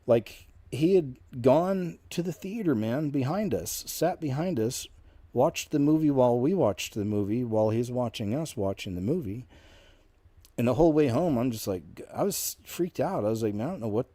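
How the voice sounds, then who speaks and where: Middle-aged guy rambling through an old story, low mellow voice, dry sound. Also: lively intonation, moderate pace, no room sound. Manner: rambling, with many asides and restarts. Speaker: channel host telling a personal story. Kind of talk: casual storytelling.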